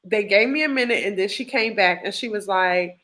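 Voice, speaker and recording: A woman giving an emotional personal testimony, animated and acting out what others said to her. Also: medium pitch, fairly quick. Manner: animated storyteller acting out quoted dialogue. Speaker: testimony guest.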